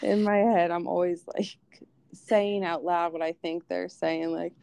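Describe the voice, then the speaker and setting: A woman's voice: lowish voice, steady tone, measured pace, vocal fry, mellow, smooth. A woman who is a guest on a podcast, chatting casually and trailing off between thoughts with many fillers. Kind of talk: casual interview chat.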